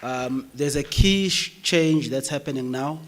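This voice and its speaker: Hoarse south african guy chairing a uni research day, jokey, relaxed. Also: mid-range voice, a little slow, a little hiss or hum. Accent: South African English. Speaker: session chair. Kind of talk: chairing an academic conference session. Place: university lecture hall.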